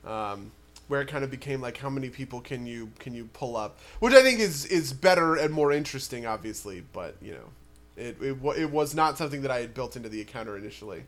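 A man game master talking over a tabletop campaign in casual chat, halting and searching for words. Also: mid-range voice, animated, fairly bright tone.

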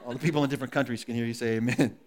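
A man preaching a sermon to his congregation, dropping to a hush and then rising to loud, emphatic appeals. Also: mid-range voice, steady tone, racing. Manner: swings from hushed and intimate to loud and emphatic, coaxing the congregation. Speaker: pastor. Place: church service before a congregation. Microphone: live sermon recording.

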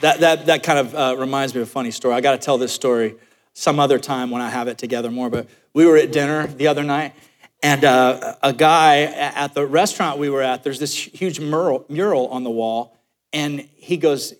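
A man preaching a sermon as pastor, telling a joking story with lively asides. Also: mid-range voice, a little fast. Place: church sanctuary. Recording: long hall reverb.

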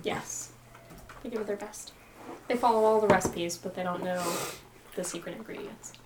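A playful woman playing a tabletop game, laughing often between quick jokes. Her voice sits in the middle of the range and sounds roomy, caught a little away from the microphone, with a faint hiss underneath. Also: medium pitch, fairly even intonation, far from the mic. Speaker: player. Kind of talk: casual tabletop game chat.

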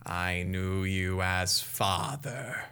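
A man's voice: low voice, fairly even intonation, sharp tone, smooth, full character voice. A man voicing a solemn swarm-voiced Rat King. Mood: ominous. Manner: slow, solemn, formal pronouncements.

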